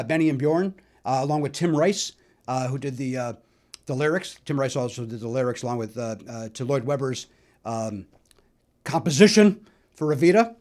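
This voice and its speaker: A middle-aged man from the Chicago area hosting a solo podcast, telling stories in a chatty, animated way with lots of fillers. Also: medium pitch. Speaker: podcast host. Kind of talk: solo musical nostalgia talk.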